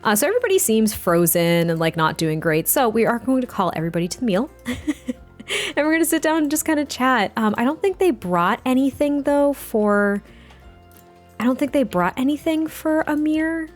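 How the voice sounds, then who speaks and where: A woman's voice: a little high, big pitch swings, normal speed, faint music behind. Giggly woman narrating a life-sim game. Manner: chatty, giggly, rambling with fillers. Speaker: let's play host. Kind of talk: casual game commentary.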